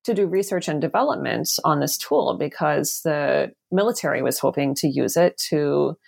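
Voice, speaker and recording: Husky, gravelly woman explaining her research. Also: deep voice, moderate pace. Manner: thinks aloud with many ums and restarts. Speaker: author and guest. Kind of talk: academic interview answer.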